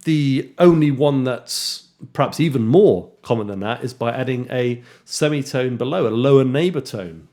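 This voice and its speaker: A man teaching jazz guitar in a relaxed way, counting beats aloud and scatting rhythms. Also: medium pitch, moderate pace. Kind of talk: casual instructional talk with counting and scatting. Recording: guitar playing underneath speech. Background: loud guitar music.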